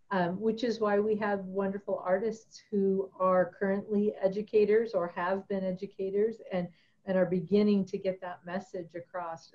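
A woman's voice: mid-range voice, darkish tone. Woman curator hosting a virtual panel; upbeat intros, dull lo-fi audio.

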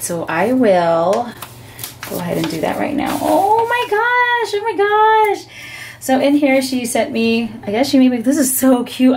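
A woman hosting her crafting channel, chatting casually as she opens packages and gushes with excitement. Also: medium pitch, vocal fry, slight background noise. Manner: gushing, gasping with excitement. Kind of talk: casual unboxing vlog.

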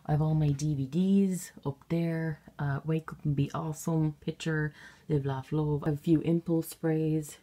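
A young woman vlogs casually from her bedroom with a handheld camera, her voice sitting low with a steady, warm tone at a moderate pace. She rambles along, tossing in offhand, sarcastic asides.

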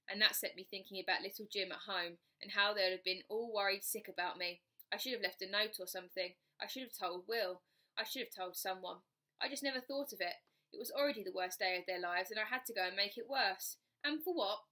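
A woman's voice: mid-range voice, fairly quick, bright, forceful tone. A woman reading a children's storybook aloud, narrating in the first person with expression. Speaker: storybook reader.

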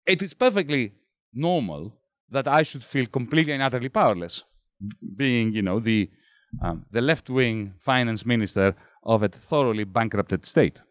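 Middle-aged greek man giving a bookstore talk, really lively up-and-down delivery, dry close mic. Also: medium pitch, no echo. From Greece. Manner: expressive, builds points rhetorically. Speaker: author speaking at a bookstore event. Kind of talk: public talk. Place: bookstore event room.

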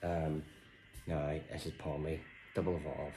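A man's voice: rumbling low, level tone, a little slow, noisy background. A man giving casual, chatty gameplay commentary, stumbling over names and grumbling in mock exasperation. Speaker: game vlogger.

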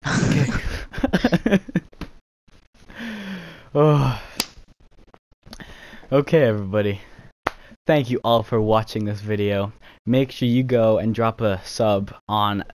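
A man's voice: fairly low pitch, unhurried, pauses often, a little mellow, a little hiss or hum. A man hosting a casual gaming video, laughing at himself and saying "you know" a lot. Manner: giggly, self-mocking, says "you know" often. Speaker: YouTube gaming host. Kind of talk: casual gaming chat with impressions.

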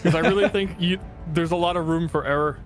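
High-voiced deadpan man. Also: fast, faint music behind. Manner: deadpan absurd jokes. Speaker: streamer. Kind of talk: casual chat while playing a game.

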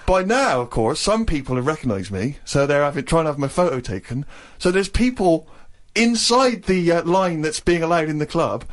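A man co-hosts a podcast in his thirties, his voice sitting a little high as he spins a comic tale. He acts out other people's lines along the way. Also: normal speed. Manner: animated storytelling, acting out other people's lines. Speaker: co-host. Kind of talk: comic anecdote on a radio podcast.

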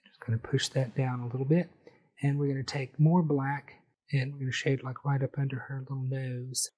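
A man calmly talking through a step-by-step painting tutorial, explaining each brushstroke as he goes. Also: medium pitch, slightly rough. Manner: friendly, unhurried, explains each brushstroke as he works. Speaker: painting instructor.

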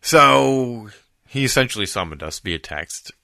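A middle-aged man co-hosting a podcast, telling a story in casual chat with lots of restarts and bursts of excitement. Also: medium pitch, unhurried, gravelly, dry recording, clean studio sound. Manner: rambling, restarts, animated when excited. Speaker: podcast co-host.

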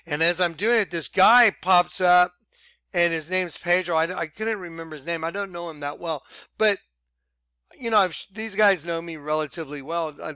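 Man, casual storytelling vlog, animated retelling, high bright voice, dry close sound. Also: smooth, no room sound. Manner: animated retelling, repeats "I'm like". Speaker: vlogger.

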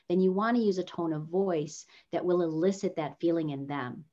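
A woman coaching a workshop on video presence, talking casually and changing her pitch up and down to demonstrate intonation. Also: normal speed, hardly any pauses, warm tone, highs cut off. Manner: casual, with fillers. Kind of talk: teaching workshop.

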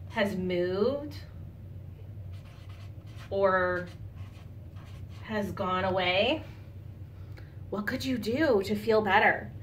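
A woman teacher giving a lesson to young children, patient and encouraging, guiding them calmly. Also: medium pitch, a little hiss or hum. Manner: calm, soothing guidance.

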